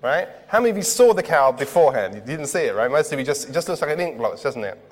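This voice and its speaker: A man's voice: mid-range voice, big pitch swings, fast, long reverb tail. A man preaching a sermon in a casual, conversational way, often putting questions to his listeners. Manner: conversational, asks the crowd questions.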